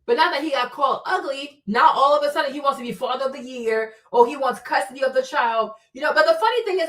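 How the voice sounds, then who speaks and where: A woman hosting a livestream, giving blunt, animated commentary full of rhetorical questions. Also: high-pitched, fast talker, few pauses, recorded from a distance. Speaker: livestream host.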